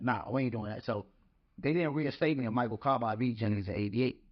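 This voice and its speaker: A man and former boxer is telling stories on a podcast at a quick clip. He stumbles over his openings and repeats a word or two. The recording sounds slightly dull and lo-fi. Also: medium pitch. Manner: rambling, repeats words when starting a thought. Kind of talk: casual storytelling.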